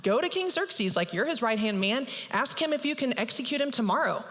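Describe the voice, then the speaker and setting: A woman's voice: a little high, lively intonation, brisk, fairly bright tone, in a large hall, pitched above the performer's own voice. A woman voicing eager, pushy friends and a wife urging a plot. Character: scheming friends and wife egging on.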